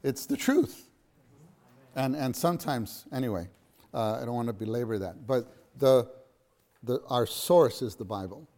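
A man's voice: medium pitch, lively intonation, a little slow, dark tone. A middle-aged man teaching a church lesson to a gathering, earnest and repeating phrases for emphasis.

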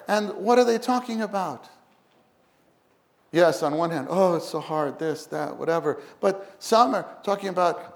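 A male preacher delivering a sermon in a slightly high voice. He swings between loud, rising passages and hushed, low ones, and acts out little quoted voices along the way. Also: lively intonation, unhurried, long pauses.

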